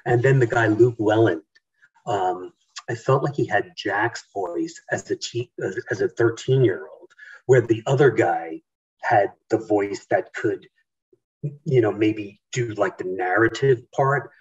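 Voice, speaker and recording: Husky-voiced man, halting and distant. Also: fairly low pitch, darkish tone, lo-fi sound. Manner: halting, many fillers and restarts. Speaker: author guest. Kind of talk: casual interview talk.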